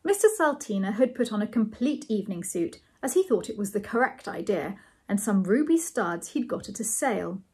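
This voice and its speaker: A woman reading a novel aloud as a storyteller, measured and gently amused. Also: mid-range voice, husky.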